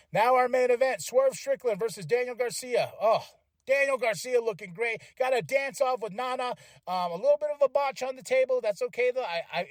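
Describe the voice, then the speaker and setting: A man hosting a podcast, giving a casual, animated wrestling recap, acting out quotes and using lots of fillers. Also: high voice, dry recording, studio quality. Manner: animated, acts out quoted lines, many fillers. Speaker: podcast host.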